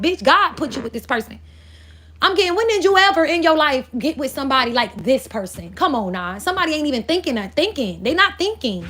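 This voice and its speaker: A woman's voice: high voice, a bit bright. A woman giving a casual astrology reading in a blunt, profane, rambling way, as if channeling spirit messages. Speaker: spiritual reader.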